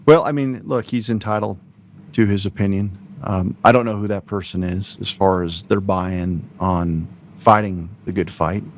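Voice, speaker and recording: A man's voice: low-pitched, fairly even intonation, normal speed. A man speaking as a guest on a political talk show, making his points in an emphatic, lecturing way.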